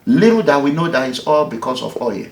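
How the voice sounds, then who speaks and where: A Nigerian man with a lively, swooping voice tells his story in an interview, acting out the back-and-forth of each exchange. The voice carries a noticeable room echo. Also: mid-range voice, a little fast. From Nigeria, Edo State. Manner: animated, emphatic, acts out the dialogue. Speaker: activist, movement leader. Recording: echoey room.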